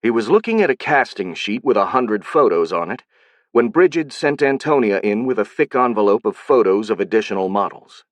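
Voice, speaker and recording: A man reading an audiobook in a steady, even scripted narration. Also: on the low side, a little fast, no room sound.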